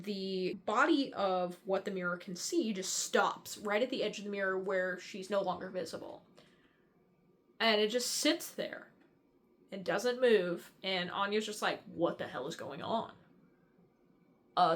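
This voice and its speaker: A woman's voice: medium pitch, fairly bright tone. Chatty young woman recapping a book. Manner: chatty, rambling, frequent fillers and swearing. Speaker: book reviewer. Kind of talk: casual book breakdown.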